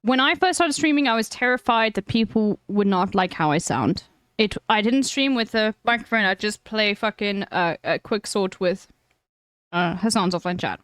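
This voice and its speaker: A woman's voice: medium pitch, moderate pace, fairly bright tone, clean tone, no echo, studio quality. A woman streamer chatting frankly with viewers, giving blunt advice and swearing freely. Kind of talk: casual chat with viewers.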